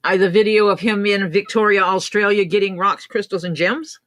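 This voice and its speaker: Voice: medium pitch, steady tone, normal speed, fairly bright tone, dry recording. A co-host on a casual livestream podcast, talking in blunt, dry asides.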